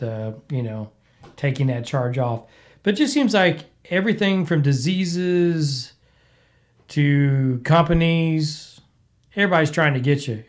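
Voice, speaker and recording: A man hosting his own podcast, casually rambling and venting, his voice clogged and cracked from being sick. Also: a little high. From American Midwest. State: congested, recovering from illness. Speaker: podcast host. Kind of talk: casual solo podcast chat.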